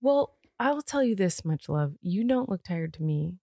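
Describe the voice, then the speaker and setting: A woman's voice: lowish voice, sing-song, gravelly, dark tone, dry recording, studio quality. A woman in her thirties co-hosting a podcast from bed at home, chatting and teasing her partner. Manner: playful, teasing, quick asides. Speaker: podcast co-host. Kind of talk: casual chat.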